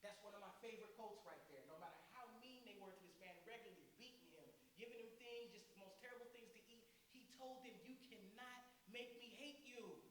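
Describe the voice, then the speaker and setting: A man giving a sermon as a guest speaker in a church, telling stories in an animated way. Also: high voice, fast talker, few pauses. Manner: animated storytelling preacher. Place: church sanctuary. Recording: very echoey hall with faint hiss.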